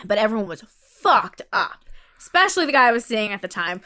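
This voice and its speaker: Young woman, high pitch, bright tone, casual rambling storytelling, animated quotes. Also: a little fast.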